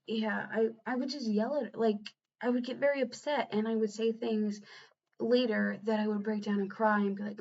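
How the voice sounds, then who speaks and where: A young woman talking earnestly in a personal confessional vlog. She speaks haltingly and often restarts her sentences. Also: on the high side, steady tone, darkish tone. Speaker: vlogger and new mother. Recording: slightly dull lo-fi recording.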